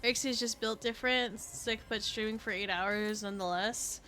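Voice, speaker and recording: High-voiced chatty woman streamer. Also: moderate pace. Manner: chatty, excitable, laughs often. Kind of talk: casual chat while gaming. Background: game music.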